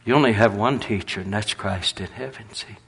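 A man preaching a sermon in a folksy, storytelling way with a husky voice. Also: fairly low pitch, fairly quick, fairly bright tone.

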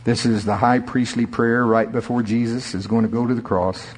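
A man preaching a sermon, with sudden climbs in pitch and slow, drawn-out emphasis. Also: fairly even intonation, slight background noise. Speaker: pastor. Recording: echoey hall reverb.

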